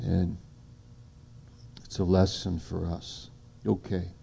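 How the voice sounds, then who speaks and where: A man's voice: low voice, level tone, slow pace, gravelly, dark tone, husky. A man preaching an informal sermon, rambling and conversational. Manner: rambling, conversational, acts out little dialogues.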